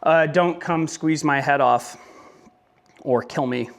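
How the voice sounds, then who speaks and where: A man's voice: fairly high pitch, takes it slowly, creaky. A young man talking casually in a motorcycle vlog, rambling with joking asides. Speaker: motovlogger.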